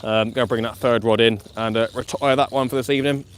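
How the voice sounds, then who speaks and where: A man's voice: mid-range voice, fast talker, slight background noise. Chatty man fishing live. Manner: chatty, excitable, laughs often. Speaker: fishing vlogger. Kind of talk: live-stream commentary. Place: outdoors at night on a waterside pier. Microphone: camera or phone mic on a live stream.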